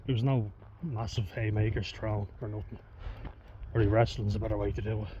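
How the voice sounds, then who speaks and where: A young man speaks in a lowish voice, rambling and swearing as he opens up candidly to camera. He's outdoors in the countryside, and the recording is dull and muffled, with steady background noise and crows calling. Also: a little fast. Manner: rambling, sweary and frank, with nervous laughs. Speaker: vlogger. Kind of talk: candid confessional vlog talk. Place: outdoors in the countryside among farm animals.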